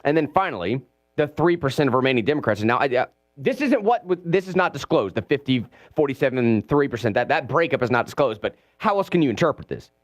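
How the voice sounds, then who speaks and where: Man, talk radio host, sarcastic, animated, lively pitch, close dry studio mic. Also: fast talker, dry recording. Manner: animated, sarcastic, mimics voices. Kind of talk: political talk radio monologue.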